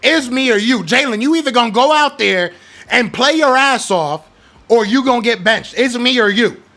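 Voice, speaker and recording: Fired-up man ranting, bright gravelly voice. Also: very high voice, expressive, moderate pace. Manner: fired-up, emphatic, slangy and blunt. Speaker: podcast host. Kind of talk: heated sports rant, reading live chat.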